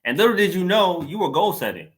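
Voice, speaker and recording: A man hosting a podcast, chatting casually with his guest and encouraging her with quick replies. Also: high voice, sing-song, fairly bright tone. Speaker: podcast host. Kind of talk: casual interview chat.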